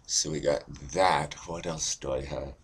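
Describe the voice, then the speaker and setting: A young man talking to camera in a slow, deadpan, rambling way with a deep monotone voice, swearing casually. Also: breathy edge. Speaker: vlogger.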